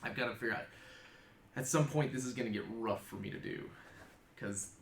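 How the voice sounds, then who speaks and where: A man acting as game master, chatting and explaining in a lively way. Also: medium pitch, fairly quick, vocal fry. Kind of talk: running a tabletop game, casual chat. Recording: echoey room with faint background hum.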